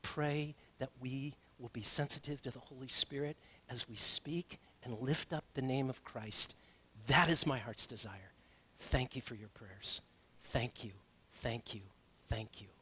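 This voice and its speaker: A man's voice: medium pitch, a little slow, bright, forceful tone, slightly rough. A male pastor preaching a conversational sermon, building to emphatic questions.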